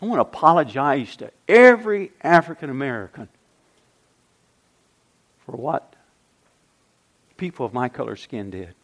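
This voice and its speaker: A man's voice: medium pitch, animated, a little slow, long pauses, a bit bright. An older man preaching a sermon as pastor, emphatic, with repeated refrains and rhetorical questions.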